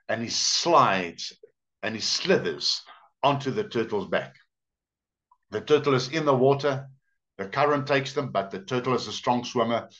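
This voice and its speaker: Man, emphatic sermon storytelling, lively intonation, muffled sound. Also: medium pitch. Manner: storytelling, emphatic with drawn-out words. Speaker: pastor. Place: church service.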